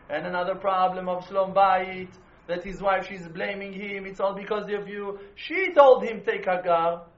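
A man giving a sermon as a rabbi, telling stories with passion. He swings between hushed and loud and uses non-native phrasing and rhetorical questions. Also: high-pitched. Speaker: rabbi teaching a Torah class. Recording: roomy, dull-sounding room recording.

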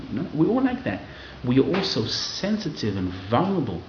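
A man giving a lively Torah class to a live audience, acting out quoted people in raised voices. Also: mid-range voice, normal speed, slight background noise. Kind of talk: lively sermon-style Torah lecture. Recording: roomy, slightly dull hall recording.

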